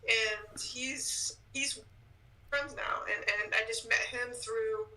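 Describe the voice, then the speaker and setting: A man's voice: very high-pitched, fairly even intonation, takes it slowly, pushed and bright, distant mic, rough recording. A man guesting on a podcast, telling stories in easygoing casual chat. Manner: chatty storyteller, frequent restarts.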